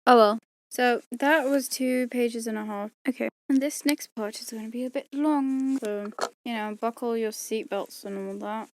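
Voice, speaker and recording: A woman's voice: a little high, moderate pace, a little mellow, a little hiss or hum. A tired woman chatting casually to herself while recording an audiobook at home, rambling and joking between takes. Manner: tired, rambling, self-mocking. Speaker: audiobook reader recording outtakes. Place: home room.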